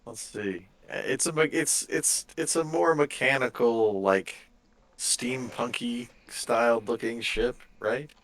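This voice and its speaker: A man playing in a tabletop game, chatting casually and thinking aloud with halting restarts. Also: medium pitch, a bit bright. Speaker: player.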